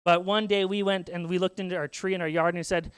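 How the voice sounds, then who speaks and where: A man's voice: high voice, little pitch movement, fast talker, smooth, no echo. A man in his thirties from Saskatchewan, a pastor telling family stories in a sermon and acting out children's voices. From Saskatchewan, Canada. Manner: storytelling, acts out children's voices. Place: church sanctuary.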